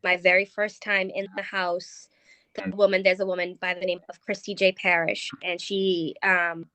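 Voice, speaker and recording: A woman's voice: fairly low pitch, little pitch movement, normal speed, a bit bright, no echo. A woman telling a ghost story as a paranormal investigator guest, hesitant and full of ums and restarts. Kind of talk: recounting a ghost story in conversation.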